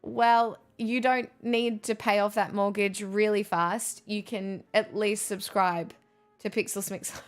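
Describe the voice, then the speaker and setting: A woman's voice: medium pitch, fairly even intonation, unhurried, soft background music. A woman live streaming in casual chat, sarcastic and ranting, often breaking into laughter.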